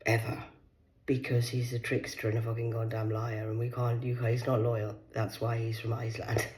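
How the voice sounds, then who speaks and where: A woman's voice: rumbling low, little pitch movement, normal speed, low-quality recording. Rambling, profane woman. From Cornwall, England. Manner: profane, rambling, veers between hushed whispers and loud outbursts. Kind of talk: rambling solo monologue to camera.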